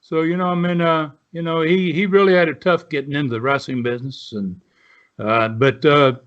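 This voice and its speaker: A man's voice: fairly high pitch, fairly even intonation, normal speed, a bit bright. Older man telling stories over dull lo-fi audio. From Southern United States. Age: 70s. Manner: rambling, many "uh" and "you know" fillers. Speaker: interview guest, former wrestler. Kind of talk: storytelling in a casual interview.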